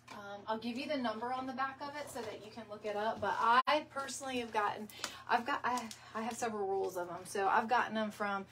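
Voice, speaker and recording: A woman's voice: mid-range voice, fairly bright tone, slight background noise. Chatty woman doing a crafts tutorial. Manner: chatty, rambling, says y'all, laughs easily. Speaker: DIY decor video host. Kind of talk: casual craft tutorial chat. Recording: somewhat distant mic with faint room ambience.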